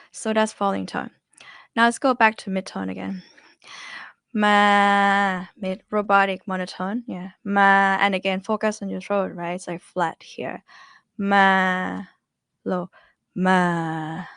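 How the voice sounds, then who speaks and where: A woman's voice: mid-range voice, level tone, moderate pace, creaky, a bit bright, no room sound, studio quality. A young woman with a Thai accent teaching language tones in a chatty, casual way, often voicing example syllables. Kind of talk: casual online lesson.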